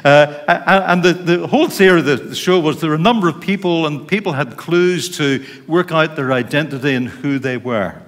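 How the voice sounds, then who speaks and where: Northern Irish pastor preaching in a church hall. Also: male voice, fairly high pitch, a little fast, few pauses. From Northern Ireland. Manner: informal, chatty preaching with asides to the congregation. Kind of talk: sermon.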